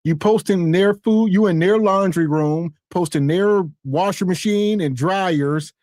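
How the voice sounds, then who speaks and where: A man's voice: sits high, a little slow, darkish tone, no echo, studio quality. A man hosting a podcast, talking in a scolding, sarcastic way. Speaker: podcast host. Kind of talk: casual commentary.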